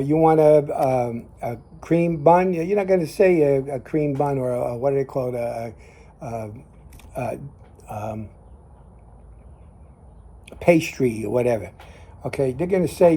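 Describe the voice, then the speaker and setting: Dark-voiced older man with a Jersey accent. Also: a little high. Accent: New Jersey. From New Jersey. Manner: rambling, repeats himself, trails off in fillers. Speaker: host. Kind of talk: casual monologue.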